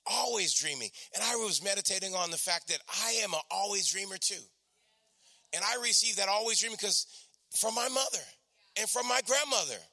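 A man preaching a sermon, exhorting with emphatic repetition and dropping to soft storytelling. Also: high voice, lively intonation, normal speed.

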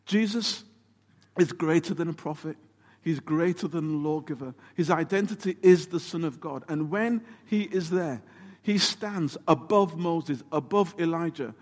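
A man with a high-pitched voice preaches with animated emphasis and asks his listeners rhetorical questions. His voice carries a long, echoing hall reverb. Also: a little slow. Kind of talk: sermon.

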